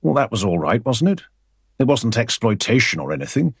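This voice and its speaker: A male audiobook narrator with a wry, expressive way of telling the story. His slightly husky voice rises and falls a lot, and the recording is dry and close. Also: mid-range voice, a little fast, dry recording.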